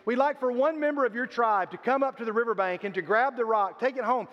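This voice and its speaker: A man's voice: very high voice, fast. An older man, a grandfather, preaching a sermon as pastor and telling stories with acted-out voices. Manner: storytelling, acts out quoted voices. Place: church sanctuary. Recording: reverberant hall, dull lo-fi sound.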